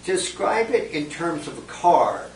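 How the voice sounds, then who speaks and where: A man's voice: fairly high pitch, sing-song, unhurried, vocal fry. A man moderating a focus group, posing questions and calling on people by name, heard from a distance in a roomy space. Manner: poses questions, then calls on people by name. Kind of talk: guiding a group discussion. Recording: roomy distant recording with faint noise.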